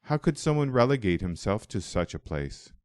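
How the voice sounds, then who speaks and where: A man's voice: on the low side, sing-song, moderate pace, a little mellow, no room sound, studio quality. A man voicing a wary young Norseman who hesitates and asks probing questions in an audiobook. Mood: questioning. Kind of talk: audiobook dialogue.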